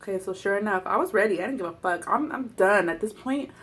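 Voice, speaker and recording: A woman's voice: medium pitch, lively intonation, fast talker, a bit bright. Brief: woman, 20s, casual vlogger, profane and heated storyteller. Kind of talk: casual storytelling while eating.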